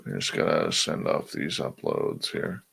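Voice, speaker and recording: A man's voice: a bass voice, expressive, unhurried, gravelly, a bit bright, breathy edge, in a whisper. A male radio show host in casual chat, drowsily reading out and answering listener questions.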